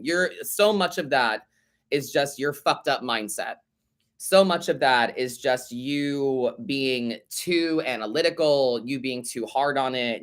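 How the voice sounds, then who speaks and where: Pitched on the high side with a fairly bright tone, a male tarot reader runs a live podcast where he responds to listener letters. His style is sassy and foul-mouthed; he calls listeners honey and babe and says things twice for emphasis.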